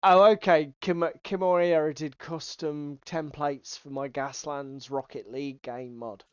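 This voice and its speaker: Man, unhurried casual chat, crisp voice, slightly muffled lo-fi sound. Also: on the high side, steady tone, no room sound. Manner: chatty, swearing, reads out chat comments. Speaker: podcast co-host.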